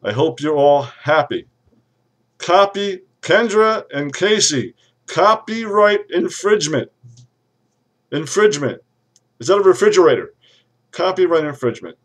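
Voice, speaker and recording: A man's voice: mid-range voice, unhurried, close to an everyday voice. A man doing a pompous, ranting lawyer. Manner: ranting, threatening lawsuits, sudden shouts. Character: pompous irate male lawyer for a wrestler. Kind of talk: comedic webcam character rant. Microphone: webcam.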